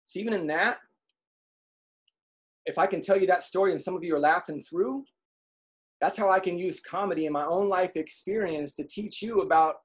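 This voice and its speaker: A man giving a motivational talk to an audience, telling comic stories and acting out quotes in an animated way. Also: a little high, breathy edge. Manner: animated storyteller, acts out quotes. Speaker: speaker.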